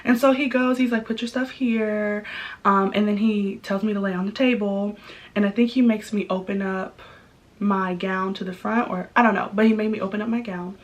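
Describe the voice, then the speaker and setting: Young woman, vlogger type, candid conversational storyteller with lots of filler words, mid-pitched. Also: fairly even intonation, normal speed. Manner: chatty and candid, many likes and ums. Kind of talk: casual storytelling vlog.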